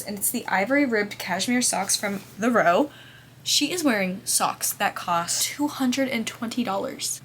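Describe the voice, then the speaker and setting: A woman's voice: medium pitch, a bit bright. A young woman vlogging about a book series, reading passages aloud and gushing over them in a chatty, emotional way. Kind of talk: reading vlog, reading aloud and reacting.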